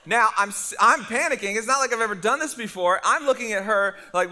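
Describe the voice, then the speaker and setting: A middle-aged man preaching a sermon, telling a story with lively humor to his congregation. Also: sits high, a little fast, hardly any pauses, slight background noise. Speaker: pastor.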